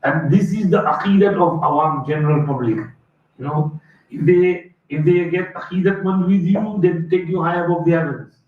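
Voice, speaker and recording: High-voiced male teacher telling a story. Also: moderate pace. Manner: acts out the story's voices, mixes Urdu phrases into English. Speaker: religious teacher. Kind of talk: hadith lesson storytelling. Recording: echoey far-off phone-like recording.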